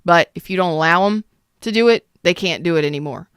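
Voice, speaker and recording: A woman giving a casual livestream tarot reading, blunt and animated, swearing freely and speaking straight to her viewers. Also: on the low side, brisk, clean tone, dry recording, clean studio sound. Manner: blunt, swearing, animated Southern-style slang. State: clearing throat after a cough. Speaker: tarot reader.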